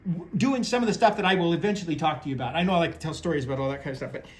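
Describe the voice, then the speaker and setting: A man's voice: on the high side, very fast. A man talking casually about fishing and telling stories as a former guide, rambling with restarts and folksy phrasing. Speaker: fishing guide and tackle presenter. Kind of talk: casual talk on crappie fishing.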